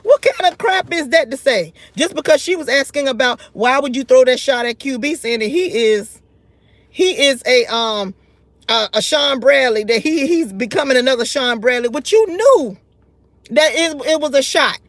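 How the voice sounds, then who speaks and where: A woman's voice: high voice, lively intonation, moderate pace, dry recording. A woman delivering a heated, scolding commentary rant, often repeating and restarting her words. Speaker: YouTube commentary host.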